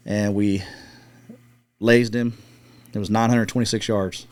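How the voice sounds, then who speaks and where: Middle-aged man, fairly low voice, profane and laid-back, casual war storytelling. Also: fairly even intonation, normal speed, long pauses, a little mellow. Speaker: guest, former Marine scout sniper.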